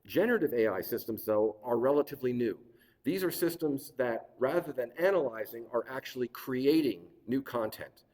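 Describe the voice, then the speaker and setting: A middle-aged man giving a relaxed, digressive workshop talk with frequent fillers and restarts. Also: mid-range voice. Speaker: workshop presenter. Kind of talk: conversational lecture. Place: lecture hall. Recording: reverberant hall.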